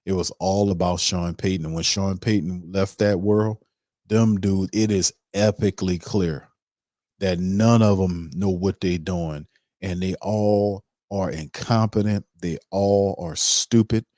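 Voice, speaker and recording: A low-voiced man hosts a sports podcast, driving his points home with heated, repetitive emphasis and casual slang. The sound is close and dry, with no room around it. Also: fairly even intonation, unhurried, warm tone, dry recording. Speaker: podcast host.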